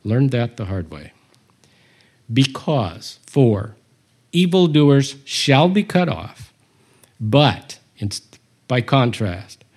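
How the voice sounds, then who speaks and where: A man's voice: mid-range voice, a little mellow. A man teaching a Bible study, reading scripture aloud and commenting on it with humor.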